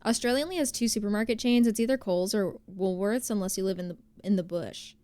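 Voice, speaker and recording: A young woman from New Jersey chats with her stream viewers in a loose, rambling way, full of "like"s and tangents. Her voice sits at an ordinary middle pitch and is recorded close and dry. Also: fast talker, mellow, dry recording. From New Jersey, USA. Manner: chatty, rambling with many fillers. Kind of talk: casual chat reading viewer messages.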